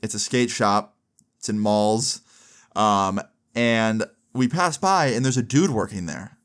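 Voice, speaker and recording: A young man in his twenties telling a comic story in a casual, animated way, with frequent swearing. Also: on the low side, slow, clean tone.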